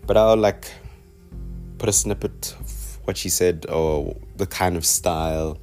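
Young man, South African accent, deep low voice, casual self-mocking solo podcast ramble, faint background music. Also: measured pace, a little mellow. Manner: loose, self-mocking, digressive, with many fillers. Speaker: podcast host. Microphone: podcast microphone.

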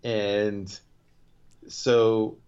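A man with a fairly low voice talks through a TV episode in a loose, rambling way. He stops and restarts often and leans on filler words. The recording sounds dull and lo-fi. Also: flat delivery, extremely slow, a little mellow. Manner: rambling, loose retelling full of "you know" and restarts. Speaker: podcast co-host recapping a TV episode. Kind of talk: casual chat.

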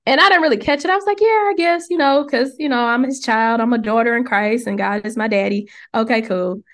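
A young woman with a somewhat high voice co-hosts a casual faith podcast. She tells a personal story with lively energy. She acts out the people she quotes. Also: a little fast. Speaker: podcast co-host.

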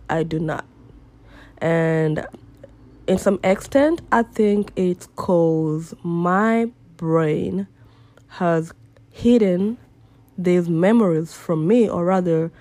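A young woman vlogger with a mellow, lowish voice shares a personal story with her viewers in a candid, reflective way. She's filming at home near a busy road.

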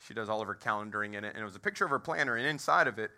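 Speaking rapid-fire in a lowish, animated voice that sounds pushed and bright, a man in his thirties from Texas delivers a sermon. In a movie theater used as a church, this pastor tells a humorous story and quizzes the crowd.

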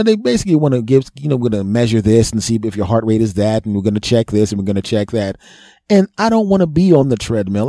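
A man's voice: mid-range voice, warm tone, no room sound, clean studio sound. A man hosting a podcast, delivering a profane, self-mocking comedic monologue. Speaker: podcast host.

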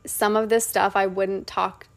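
A woman's voice: medium pitch, little pitch movement, measured pace, creaky. Earnest woman hosting a casual podcast. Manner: earnest and reflective, then giggly. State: voice strained at the end. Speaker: podcast host. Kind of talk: casual chat. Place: in a bed at home.

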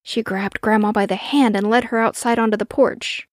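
A woman narrating a Christian children's audio story with warm, expressive storytelling. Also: a little high, moderate pace, hardly any pauses, dry recording, clean studio sound.

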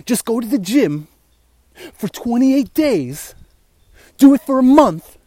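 A man voicing a cocky, muscle-bound gym bro who talks in laid-back slang. The voice sits fairly high and the recording is close and dry. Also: very animated, slow, mellow, no room sound, heavily acted. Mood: boastful.

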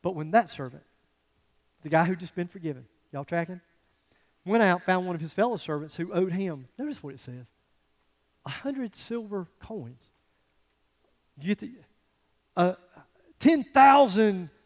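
Pastor guy preaching, pretty high voice, big reverb-y church hall, goes quiet then loud. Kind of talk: sermon.

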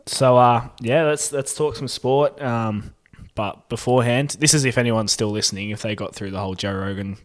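A man's voice: medium pitch, moderate pace. A young man from Newcastle, Australia, with an Australian accent, co-hosting a casual sports podcast in a jokey, bantering way. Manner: jokey, bantering, says mate a lot. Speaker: podcast co-host.

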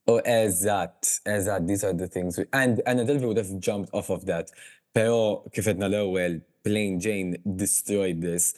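A man's voice: fairly low pitch, steady tone, moderate pace, a little mellow. A man with a Maltese accent co-hosting a casual chat, giving firm opinions in mixed English and Maltese. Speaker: podcast co-host. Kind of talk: casual chat about a reality show.

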